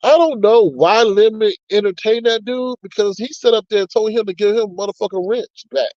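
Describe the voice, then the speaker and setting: A man rants through casual online-drama commentary, blunt and heavy on profanity, stopping to read chat comments aloud. His voice sits a little high for a man. The recording is dull and muffled, with no room sound at all. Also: normal speed, darkish tone, no echo. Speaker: commentary channel host.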